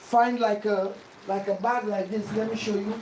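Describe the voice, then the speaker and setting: A woman's voice: mid-range voice, steady tone, normal speed, noisy background. Chatty woman cooking in an echoey kitchen. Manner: chatty, repeats words, breaks into playful sing-song. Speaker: cooking vlogger. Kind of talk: casual cooking demonstration. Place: home kitchen. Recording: roomy kitchen echo, faint ambience.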